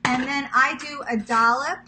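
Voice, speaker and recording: Her high-pitched voice holds a steady yet sharp tone at a moderate pace as this Queens woman in her thirties, New York accent and all, shows viewers a recipe in her home kitchen. She's a chatty, self-teasing cooking vlogger who calls her audience "guys" during this casual demonstration. The recording is low quality, with slight background noise.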